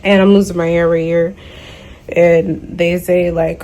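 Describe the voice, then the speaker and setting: A woman's voice: lowish voice, little pitch movement, a little slow, dark tone, slight background noise, poor audio. A young woman venting in a casual video diary, stressed and worn out, exasperated and slangy as she talks to her camera at home. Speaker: vlogger.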